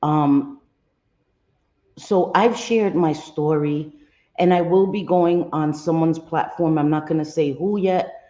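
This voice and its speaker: A low, mellow-voiced woman hosts a casual livestream, stopping to greet viewers by name as she talks things through with plenty of ums. Her voice comes through a dull, lo-fi line in a roomy space. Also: slow. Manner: earnest, candid commentary. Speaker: livestream host.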